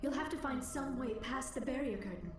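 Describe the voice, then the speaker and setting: A woman's voice: high voice, a little fast, lightly acted. An actress voicing a polite, earnest young female alien scientist in video game dialogue. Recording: echoey game audio with background noise.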